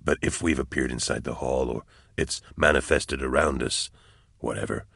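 A man voicing a steady, calm male soldier who speaks low and quietly, at times whispering. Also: moderate pace, vocal fry, slightly rough, dry recording, studio quality, full character voice.

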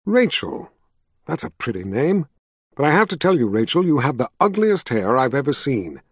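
Narrator doing a joking grown man, lively up-and-down pitch, slightly husky. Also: moderate pace, dry recording, studio quality. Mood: teasing. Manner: joking, bantering, playful. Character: teasing playful grown man, warm with children.

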